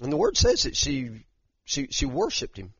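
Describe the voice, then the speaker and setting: A man's voice: medium pitch, huge pitch swings, normal speed, vocal fry, a bit bright, breathy edge, dry recording. Conversational male preacher, dull dry recording. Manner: conversational, frequent restarts and repeated words, addresses the congregation directly. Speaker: pastor. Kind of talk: sermon.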